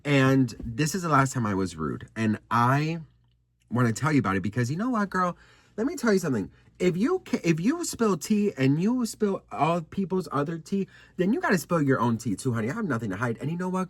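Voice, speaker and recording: A young man chatting to his viewers in a sassy, animated way, storytelling and gossiping as a vlogger. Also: fairly low pitch, slightly rough, dry recording. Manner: animated, sassy, addresses viewers as girl and honey.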